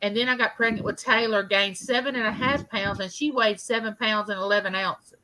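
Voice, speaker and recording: A woman's voice: mid-range voice, fairly even intonation, a little fast, sharp tone, poor audio. A woman co-hosting a casual livestream chat, friendly and responsive to guests.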